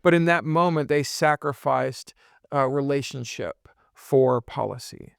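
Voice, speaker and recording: A man in his forties tells stories earnestly in a reflective podcast chat, acting out the voices of the people he quotes. His voice is gravelly yet smooth and resonant. The sound is close and dry. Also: mid-range voice, unhurried, no room sound. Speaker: podcast host and business consultant. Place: his home.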